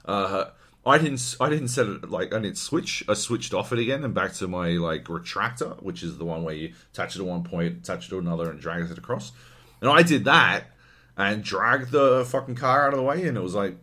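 Lively, swearing male podcast co-host. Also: on the low side, a little fast. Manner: profane, animated ranting. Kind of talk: casual gaming chat.

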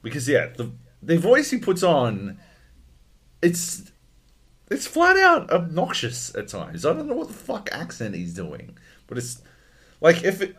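A man's voice: a little high, wildly swooping pitch, measured pace, a bit bright, slightly rough. A man co-hosting a podcast, chatting casually and animatedly, swearing and laughing as he rants. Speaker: podcast co-host. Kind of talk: casual chat.

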